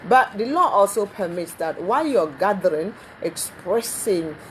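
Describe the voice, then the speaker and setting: A woman hosting a live talk show, speaking haltingly with many ums and restarts. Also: medium pitch, lively intonation, a little hiss or hum, rough recording. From Nigeria.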